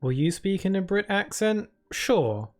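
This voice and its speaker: A man's voice: high voice, big pitch swings, a little slow. A man streaming a video game, chatting casually and playfully with his viewers, full of filler words and restarts. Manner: chatty, playful, answers chat with many fillers. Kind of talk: casual live-stream chat. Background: game music.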